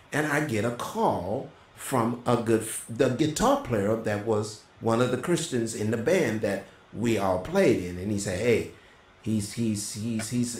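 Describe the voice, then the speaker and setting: A middle-aged man telling a personal testimony in a casual, animated way, as a co-host. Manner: animated storyteller, voice jumps high when quoting. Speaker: prophet and co-host. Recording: roomy echo.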